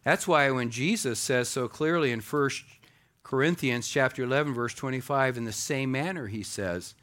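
A man preaching a sermon as pastor, animated, swinging between loud exclamations and hushed asides. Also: mid-range voice, moderate pace.

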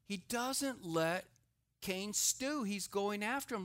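A middle-aged man, a pastor, preaching a sermon in a lively way and acting out the voices he quotes. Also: sits high, takes it slowly. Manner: animated, acts out quoted voices.

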